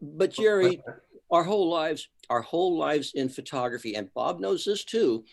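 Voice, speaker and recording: A man in a photography club talk, giving feedback in a halting way, repeating words as he goes. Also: on the high side, expressive, vocal fry. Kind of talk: casual club discussion. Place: online club meeting.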